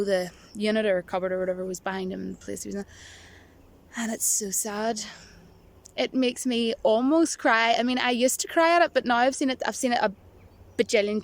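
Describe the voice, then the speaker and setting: A woman vlogger chatting casually to camera, rambling and giggling, with a touch of self-mocking nerves. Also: on the high side. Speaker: movie vlogger.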